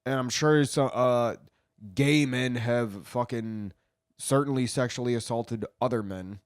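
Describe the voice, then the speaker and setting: A man's voice: medium pitch, a little slow, smooth, no echo. Profane rambling man, dry close sound. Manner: profane, rambling, with frequent restarts. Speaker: commentator. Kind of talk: casual retelling commentary.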